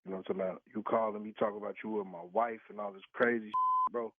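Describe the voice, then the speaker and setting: A man's voice: fairly low pitch, fairly even intonation, very fast, no echo. A man on a phone call, blunt and profane, firing the same questions again and again. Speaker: prank call target. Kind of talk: heated phone conversation. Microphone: telephone. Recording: tinny phone line.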